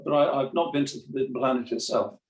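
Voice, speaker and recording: A man's voice: medium pitch, steady tone, fast. Mild older man on a distant, roomy call. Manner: mild, hesitant, repeats words. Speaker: comics artist guest. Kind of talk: casual interview chat.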